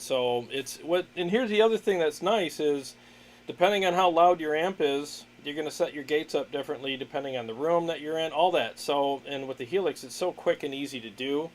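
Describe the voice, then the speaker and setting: A man hosting a casual livestream, chatting in a relaxed way with many fillers and frequent laughs. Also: a little high. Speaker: livestream host, guitarist.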